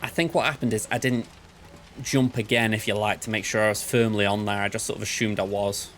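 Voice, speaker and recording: A man's voice: fairly low pitch, fairly even intonation, fairly quick, a bit bright, a little hiss or hum. A man hosting a let's play, giving chatty gameplay commentary and thinking aloud in a playful way. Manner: playful, self-described goofball.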